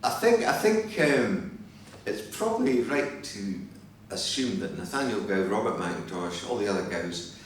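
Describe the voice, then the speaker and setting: A Scottish man, a fiddler, giving reflective, measured answers as a guest in a live interview in a hotel hall. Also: lowish voice, very animated. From Scotland. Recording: very echoey hall from far off, faint hum.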